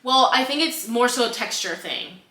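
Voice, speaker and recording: A young woman with a bright, fairly high voice co-hosts a casual book chat. She retells the story animatedly and slips into the characters' voices. The room has a noticeable echo. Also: lively intonation, moderate pace. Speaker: podcast co-host.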